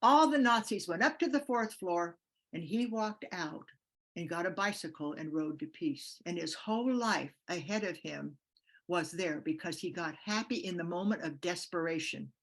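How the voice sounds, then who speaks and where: A woman's voice: on the low side, normal speed. An older woman giving a motivational speech, telling stories with passion and acting out the voices of the people in them. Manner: passionate storytelling, acts out quoted voices. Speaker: guest speaker on peace.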